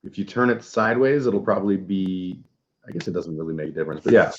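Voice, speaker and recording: A man's voice: low-pitched, expressive, fast talker, highs cut off. A middle-aged Canadian man with a Canadian accent, hosting a casual chat and telling rambling, profane stories. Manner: profane, rambling storyteller with acted-out voices. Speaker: host.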